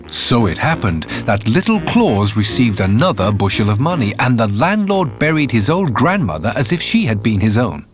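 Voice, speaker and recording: Expressive male fairy tale narrator. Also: medium pitch, moderate pace, few pauses, music in the background. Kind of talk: storybook narration.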